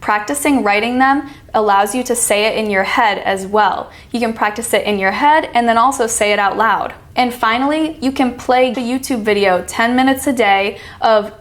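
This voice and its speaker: An American woman coaching pronunciation, saying each word slowly and clearly so it can be repeated. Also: a little high. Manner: slow, demonstrating each sound. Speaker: accent coach. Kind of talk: pronunciation lesson.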